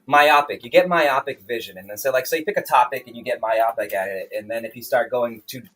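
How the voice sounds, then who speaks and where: A streamer and self-published author talks on a casual livestream, heated and profane at first before calming down, rambling and restarting sentences. His medium-pitched voice is a little fast and fairly bright, with faint music behind him.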